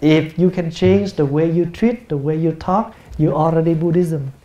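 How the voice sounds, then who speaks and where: A man with a Vietnamese accent, a Buddhist monk giving a gentle, humorous dharma talk in a meditation hall. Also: a little high, fairly even intonation, moderate pace, lo-fi sound. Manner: gentle, humorous, acts out everyday speech. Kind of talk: sermon.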